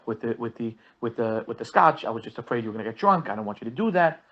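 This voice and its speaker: A man playing a wife who scolds her husband, in a lower version of his own voice. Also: animated, fast, a bit bright, dull audio. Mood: apologetic. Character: scolding wife, adult woman, stern and worried.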